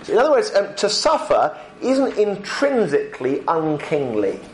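A man giving a lunchtime Bible talk as a preacher, conversational with frequent ums, slowing down to stress key points. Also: high voice, huge pitch swings, a little hiss or hum.

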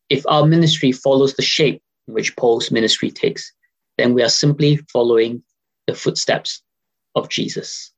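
A man with a gravelly, husky voice preaches a sermon online. He talks earnestly, posing questions to his listeners and pausing on frequent fillers. His pitch sits mid-range. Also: rough recording. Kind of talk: sermon over a video call.

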